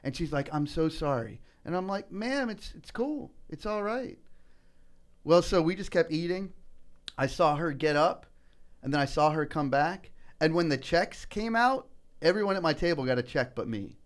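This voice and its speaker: A middle-aged man telling personal stories in a casual podcast chat, earnest and animated, often saying "man" and "you know". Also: fairly high pitch, normal speed. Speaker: political candidate guest.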